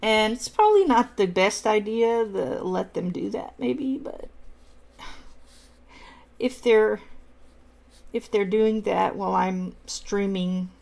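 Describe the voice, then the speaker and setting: Speaking slowly with lively intonation, a middle-aged woman hosts a casual coloring livestream, reading and answering comments while she colors. Her medium-pitched voice has a darkish tone and vocal fry, broken by long pauses.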